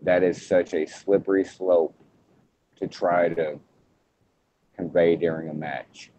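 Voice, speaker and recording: A man hosting a casual wrestling podcast, talking in halting bursts with frequent restarts. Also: deep voice, steady tone, dark tone, a little hiss or hum. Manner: halting, restarts often, hedges before points. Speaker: podcast host. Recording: muffled lo-fi podcast audio.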